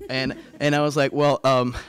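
A man's voice: medium pitch, flat delivery, normal speed, fairly bright tone, clean tone, dry recording, studio quality. A young man from France with a light French accent, doing a rambling, self-mocking stand-up set on a small club stage. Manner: rambling, self-mocking, many fillers and restarts. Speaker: stand-up comedian.

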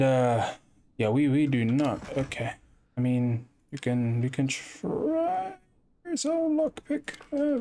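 A man's voice: mid-range voice, a little mellow. A man giving let's play commentary, chatting and muttering to himself as he plays a video game. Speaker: gaming YouTuber.

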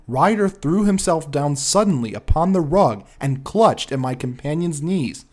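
Male narrator for a classic mystery, slightly high voice, very lively inflection. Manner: measured, expressive reading. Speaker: audiobook narrator. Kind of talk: storybook narration.

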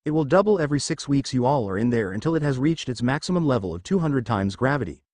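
A man reads a stern otherworldly guardian giving instructions. The voice moves lively in pitch over a dry, close recording. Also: fast talker, no echo, close to an everyday voice. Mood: warning.

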